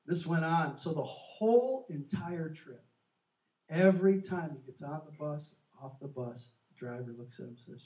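A man's voice: a little high, normal speed. A man co-hosting a Christian talk show, telling a faith story casually and earnestly, acting out the quotes. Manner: earnest, animated storyteller who acts out quotes. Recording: echoey room, distant from the mic.

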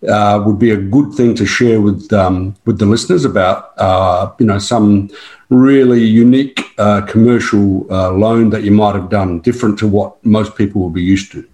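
A man hosting an interview, a mortgage broker himself, encouraging his guest with quick short acknowledgements. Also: fairly low pitch, fairly even intonation, a little mellow. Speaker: podcast host, mortgage broker. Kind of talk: interview chat.

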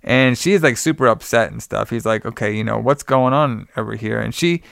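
A man's voice: mid-range voice, fairly quick, gravelly, fairly bright tone, dry recording, clean studio sound. A man co-hosting a podcast, casually retelling a movie plot in a rambling way full of fillers. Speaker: podcast co-host. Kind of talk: casual movie review chat.

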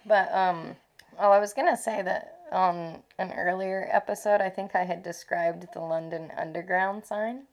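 A woman's voice: on the low side, measured pace. A young woman co-hosting a podcast, chatting casually, laughing often and swearing as she tells stories. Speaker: podcast co-host. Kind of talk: casual chat.

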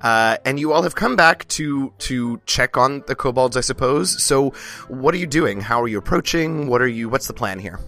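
A man with a hoarse voice from a cold, hosting and narrating a tabletop game as dungeon master, with many fillers and restarts. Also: mid-range voice, expressive, normal speed, sharp tone.

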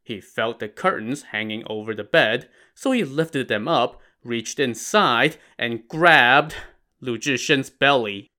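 A man's voice: mid-range voice, takes it slowly, pushed and bright. A man narrating a classic tale in a casual, wry style with modern slang. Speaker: storyteller.

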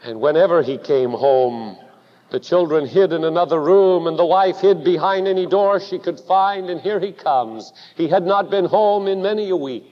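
High-voiced pastor preaching slow, dramatic storytelling, muffled old recording. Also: male voice. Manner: dramatic storytelling, swings to loud emphatic peaks. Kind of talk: sermon. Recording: dull recording with long hall reverb.

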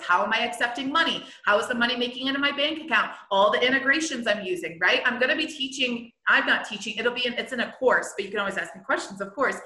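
A woman hosting a podcast as a healer business coach, talking in an excited, blunt casual monologue and swearing freely. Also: on the high side. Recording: roomy echo.

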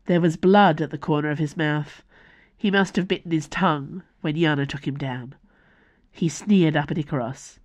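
A woman author reading her own fantasy novel aloud as scripted audiobook narration, measured and deliberate. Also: sits low, a little mellow.

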